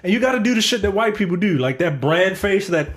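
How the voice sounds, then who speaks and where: Animated teasing man, lively voice. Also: high-pitched, quick pace, background noise. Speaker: podcast co-host. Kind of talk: casual film review chat.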